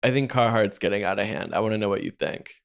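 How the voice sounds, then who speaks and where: A young man co-hosting a podcast in casual chat, rambling and animated, full of "like" and casual swearing. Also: on the low side, quick pace, gravelly. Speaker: podcast co-host.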